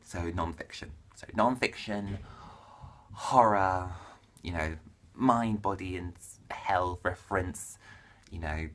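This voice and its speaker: A man's voice: deep voice, takes it slowly, a bit bright, a little hiss or hum. A young man from England chatting casually and jokily to camera as a book vlogger, often cutting himself off mid-word. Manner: chatty, jokey, self-interrupting. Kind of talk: casual vlog chat.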